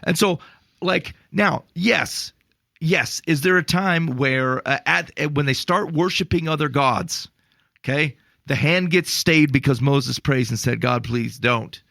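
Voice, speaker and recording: A man co-hosting a casual faith podcast, telling stories in an animated, exasperated way with lots of restarts. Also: a little high, measured pace, gravelly, no echo. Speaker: podcast co-host.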